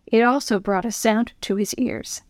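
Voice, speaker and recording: A woman narrating a children's story in a gentle, clear reading voice. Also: fairly high pitch, moderate pace, dry recording, studio quality.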